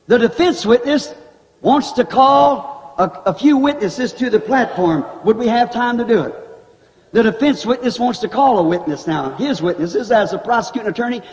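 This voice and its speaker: Recorded on old tape in a church hall, a man preaches a revival sermon in a fervent, folksy style with country grammar. His voice sits high.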